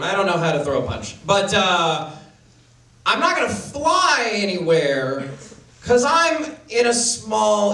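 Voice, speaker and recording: High-voiced stand-up comic, lively storytelling. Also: male voice. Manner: storytelling, self-deprecating, acts out his own panicked inner voice. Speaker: stand-up comedian. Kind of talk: stand-up comedy set. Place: comedy venue with live audience. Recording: roomy, distant camera audio with noise. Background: audience laughter.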